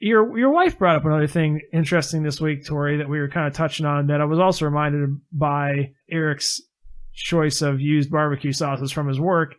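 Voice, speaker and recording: Man with a higher voice, relaxed podcast co-host steering the chat. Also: moderate pace. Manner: leads the talk, reads reviews aloud, laughs often.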